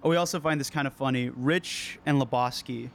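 A man's voice: medium pitch, normal speed, vocal fry, a little hiss or hum. A young man from California, a band member, chatting casually on a podcast, swearing often and acting out the people in his stories. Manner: laid-back, swears often, acts out quoted people. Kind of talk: casual chat.

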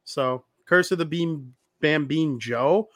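A young man co-hosting a sports podcast, bantering with jokes like an excitable fan. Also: fairly high pitch, slow, no room sound, studio quality. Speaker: podcast co-host. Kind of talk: casual sports podcast chat.

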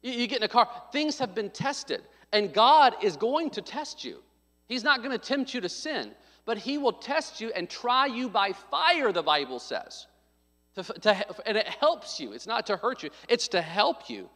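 The pastor's voice sits high, sing-song and pushed bright, moving at normal speed. He preaches through a story with jokes and dramatized dialogue, the sound echoing with long hall reverb.

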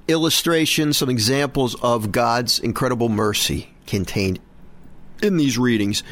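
A man's voice: mid-range voice, a bit bright. A middle-aged man hosting a Catholic radio program, talking earnestly with frequent restarts and repeated words. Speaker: host of a Catholic radio show. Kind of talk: prayer and casual show talk.

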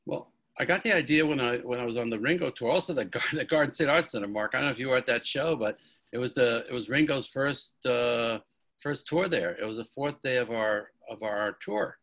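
A man being interviewed as a guest, telling his story in a lively, excitable way and often repeating words as he goes. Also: mid-range voice, brisk. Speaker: guest, company founder. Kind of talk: animated storytelling in a podcast interview.

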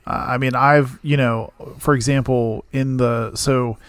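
A man co-hosting a casual podcast chat, talking in a relaxed storytelling way. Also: medium pitch, a little slow, clear, resonant tone, dry recording. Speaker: podcast co-host.

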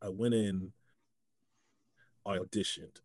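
A young guest comedian tells a story in a casual chat, animated and laughing often as he acts out the voices of the people he quotes. His voice sits low, his pace is slow, and there's no echo.

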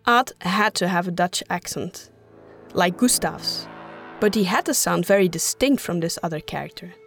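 A woman's voice: fairly low pitch, normal speed, gravelly, a bit bright, faint music behind. A woman giving candid, self-deprecating behind-the-scenes commentary as co-creator and voice actor of an audio drama.

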